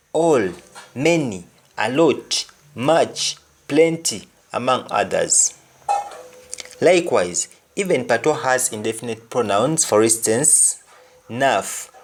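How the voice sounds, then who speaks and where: Jamaican man, unhurried language teacher who repeats each phrase, then explains it. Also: mid-range voice. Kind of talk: language lesson.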